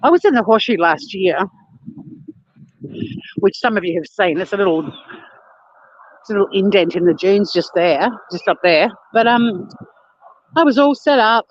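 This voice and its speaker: A woman's voice: medium pitch, animated, moderate pace, long pauses, dry recording. An Australian woman rambles through a live-stream vlog outdoors on a beach, blunt and liberal with swearing. Her talk is loose and chatty. The phone audio is dull and lo-fi. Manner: blunt, swears freely, laughs often. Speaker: vlogger. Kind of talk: casual live-stream chat.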